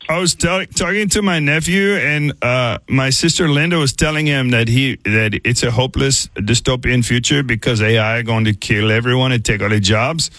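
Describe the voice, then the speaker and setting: Deadpan male podcast co-host. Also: medium pitch, no room sound. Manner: dry, deadpan one-liners. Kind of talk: deadpan comedic banter.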